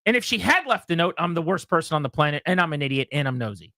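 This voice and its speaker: A radio host telling a story with a bright, lively voice that climbs high whenever he acts out what people said. He chats casually and plays every part himself. The sound is dry and close. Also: quick pace, dry recording.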